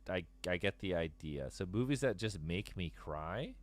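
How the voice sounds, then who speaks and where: Deep-voiced man, rambling and swearing. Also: lively intonation, normal speed. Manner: rambling, swears a lot, restarts sentences. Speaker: stream host taking callers. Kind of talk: casual chat.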